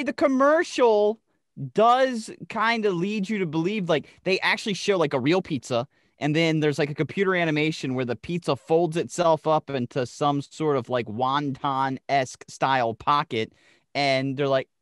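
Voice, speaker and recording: A man co-hosting a comedy podcast, arguing his points in an excitable, animated way. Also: on the high side, normal speed, no echo, clean studio sound. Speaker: podcast co-host. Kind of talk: casual comedic podcast chat.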